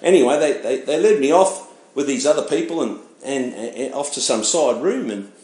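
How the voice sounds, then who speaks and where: Storytelling pastor in an echoey room. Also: male voice, medium pitch, normal speed. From Australia. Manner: animated storytelling, acting out voices. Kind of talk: personal testimony sermon.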